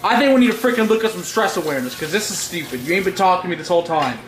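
A man's voice: high-pitched, lively intonation, rapid-fire, a little hiss or hum. A man, the son filming his father, arguing back in an exasperated, half-laughing way. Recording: echoey room.

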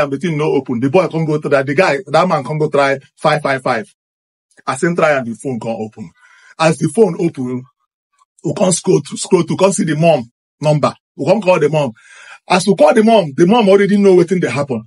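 A man with a Nigerian accent, excitedly recounting a personal experience and acting out what happened. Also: a little high, fairly quick, slightly rough. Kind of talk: animated first-person storytelling.

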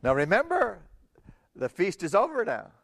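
High, lively preaching man. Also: normal speed, vocal fry, no echo, studio quality. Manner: animated storytelling, acting out quoted voices with frequent laughter. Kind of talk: sermon.

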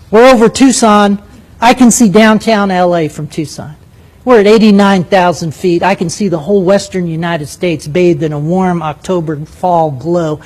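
An older man telling a flying story to a live audience, animated and vivid, with quick asides. His voice sits high for a man. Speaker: former military pilot and speaker.

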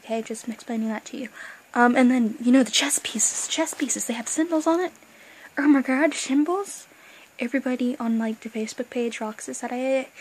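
A young woman chatting excitedly as a fan vlogger, rambling and gushing, with bursts of excitement and quiet asides. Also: on the high side, poor audio. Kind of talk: excited casual fan chat.

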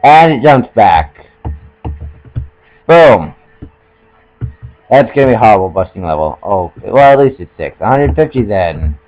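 A man's voice: fairly low pitch, sing-song, measured pace, pauses often, a little mellow, highs cut off, soft background music. A young man giving casual, joking commentary while playing a video game, often stumbling over his words and poking fun at himself. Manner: joking, self-mocking, trips over words. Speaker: let's play gamer.

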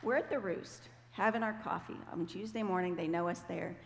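Woman, gravelly voice, animated storytelling testimony, long hall reverb. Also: on the low side, a little fast. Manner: animated, conversational, acts out quoted voices. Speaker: guest speaker. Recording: hall reverb with faint background noise.

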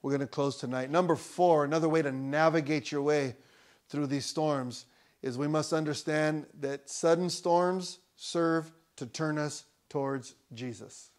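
A male pastor preaching a sermon in church, conversational with loud emphatic peaks and joking asides. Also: fairly high pitch, fairly even intonation, unhurried.

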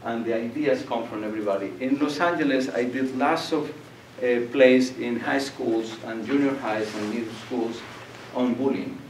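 A man's voice: mid-range voice, moderate pace, hardly any pauses. An older man from Colombia, giving a public lecture and telling stories, acting out voices and laughing. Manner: animated storyteller, acts out voices and laughs. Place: lecture hall. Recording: echoey room, distant mic, faint noise.

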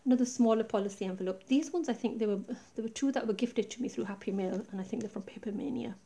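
Mellow woman showing her craft project. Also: fairly high pitch, fast, creaky. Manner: chatty, relaxed, pointing things out step by step. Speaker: craft tutorial maker. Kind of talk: casual show-and-tell craft walkthrough. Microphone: tablet camera set high above the desk.

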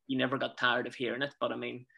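Bright-voiced Northern Irish man. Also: mid-range voice, fast talker, gravelly. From Northern Ireland. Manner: animated storyteller, chuckles often. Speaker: guest, musical theatre actor. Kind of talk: casual interview chat.

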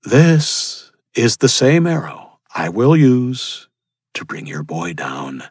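A man voicing a sadistic male cannibal gang leader who speaks with slow, gloating menace. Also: mid-range voice, wildly swooping pitch, husky, no room sound, clean studio sound, pitched above the performer's own voice, exaggerated voice.

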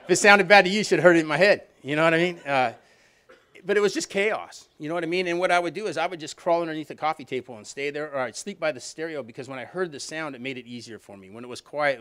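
A man's voice: on the high side, a bit bright. A middle-aged man giving a rambling, self-deprecating recovery talk, peppered with "you know what I mean.". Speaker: alumni reunion speaker.

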